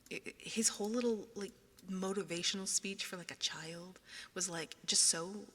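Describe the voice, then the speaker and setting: A young woman chatting casually with her stream viewers, often dropping into a soft whisper, recorded on a binaural ASMR microphone. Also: medium pitch, normal speed, long reverb tail, slight background noise.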